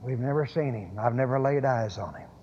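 A man's voice: mid-range voice, fairly quick, darkish tone, slight background noise. Man, preacher, sermon, emphatic, repeats himself, muffled lo-fi sound, long hall reverb. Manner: emphatic, repeats phrases, hesitant restarts.

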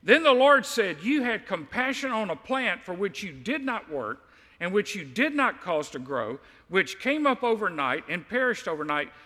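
Guy preaching, high bright voice, swings all over, echoey church hall. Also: moderate pace. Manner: animated storytelling, acting out quotes. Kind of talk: sermon.

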